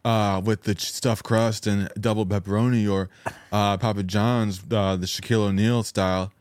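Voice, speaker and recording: Deep-voiced laid-back American man. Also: steady tone, normal speed, darkish tone, no room sound. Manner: dry, laid-back storytelling. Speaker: podcast host. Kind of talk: casual chat.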